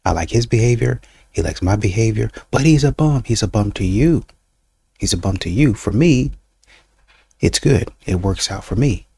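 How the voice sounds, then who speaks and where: A man's voice: on the low side, expressive, moderate pace, creaky, warm tone, slightly rough, dry recording, studio quality. A man hosting a reaction show, arguing back at a clip with pointed questions. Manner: argumentative, questioning, mocks the other side. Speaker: reaction channel host. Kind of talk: commentary reacting to clips.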